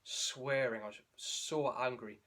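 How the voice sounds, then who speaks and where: A man's voice: mid-range voice, steady tone, slow pace, bright, forceful tone. A young man, a running vlogger telling his race story in a candid, emotional, rambling way with restarts. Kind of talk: candid spoken race recap.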